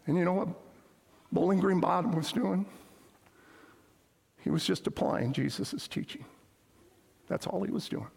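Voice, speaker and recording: A man's voice: sits high, a little slow, creaky, long pauses, darkish tone, breathy edge. A man preaching a sermon as pastor, telling stories and repeating his key points. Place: church sanctuary. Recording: echoey hall with long reverb.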